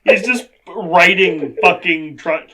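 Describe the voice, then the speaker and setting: Sarcastic young male co-host, bright slightly high voice, quick jokes. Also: slight background noise. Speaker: podcast co-host. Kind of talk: casual movie review chat.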